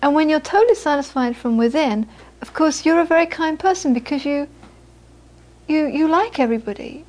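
Middle-aged woman, a Buddhist teacher with a high voice, chatty storytelling talk full of restarts. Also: fairly quick, a little mellow. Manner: chatty storyteller, many restarts and repeated words. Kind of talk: informal dharma talk with anecdotes.

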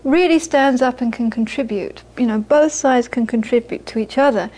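A woman's voice: fairly high pitch, normal speed, a little mellow, low-quality recording. A woman giving a live Buddhist talk to an audience, earnest and repeating phrases for emphasis. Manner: earnest, repeats phrases for emphasis, laughs while telling stories. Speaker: Buddhist teacher.

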